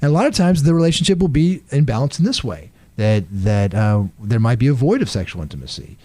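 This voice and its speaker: An earnest male therapist talks through practical relationship advice in a conversational way. His voice is mellow and dark, recorded close and dry with no room sound. Mid-pitched and steady. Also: fast, dry recording. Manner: earnest, pragmatic, uses acted-out examples. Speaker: marriage and family therapist guest. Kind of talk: conversational advice on a radio talk show.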